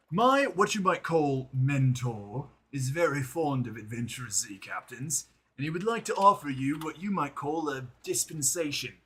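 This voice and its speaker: Streamer guy doing a super polite fancy envoy, bright husky voice. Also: medium pitch, exaggerated voice. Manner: overly polite, formal, flowery. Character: courteous, smooth-talking male envoy of a patron.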